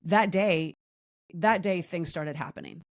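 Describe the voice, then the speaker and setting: Woman, 40s, podcast guest, lowish voice, lively storyteller, swings way up for quoted lines. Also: a little slow. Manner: animated, acts out quoted voices with big pitch jumps. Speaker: podcast guest, wellness coach. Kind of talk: candid storytelling interview.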